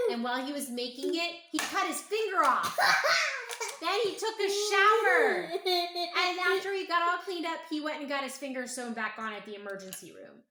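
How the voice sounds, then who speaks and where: Hoarse mom, gentle casual storyteller, slightly high voice, echoey room with noise behind. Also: female voice. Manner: gentle, unhurried, thinking aloud with hums and pauses. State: hoarse, strained voice. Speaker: mother telling family stories. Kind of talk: casual storytelling to her child.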